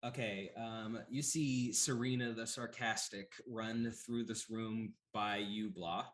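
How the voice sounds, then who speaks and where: Measured man running a tabletop game. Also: fairly low pitch, steady tone, fairly bright tone. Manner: measured, unhurried with frequent pauses. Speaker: game master.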